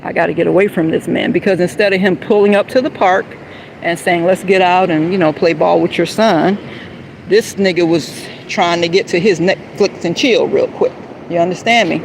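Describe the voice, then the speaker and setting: A woman in an emotional, rambling live-stream monologue, heated and confrontational at times, then soft and apologetic. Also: fairly low pitch, moderate pace, background noise. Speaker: livestreamer.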